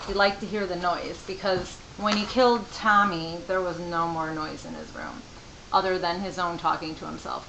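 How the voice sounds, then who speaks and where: A woman's voice: lowish voice, fairly even intonation, normal speed, vocal fry, fairly bright tone. A middle-aged woman, a mother, telling a rambling, chatty story to camera from home with many asides. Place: home room. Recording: echoey room with faint hiss.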